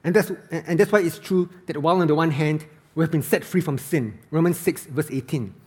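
A man's voice: fairly high pitch, brisk, darkish tone, breathy edge. A man preaching an earnest, emphatic sermon as a pastor, reading scripture aloud.

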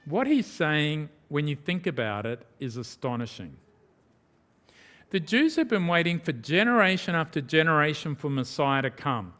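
Emphatic male preacher, slightly high voice. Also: big pitch swings, moderate pace, pushed and bright, big-room sound. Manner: emphatic, dramatic swings of pitch and volume. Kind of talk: sermon.

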